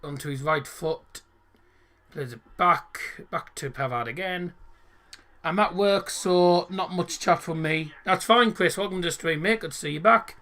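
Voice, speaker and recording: Bright-voiced British lad commentating live. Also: male voice, a little high, unhurried. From United Kingdom. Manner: chatty, reads out viewer comments and answers them. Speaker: live stream football commentator. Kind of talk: casual live match commentary and viewer chat.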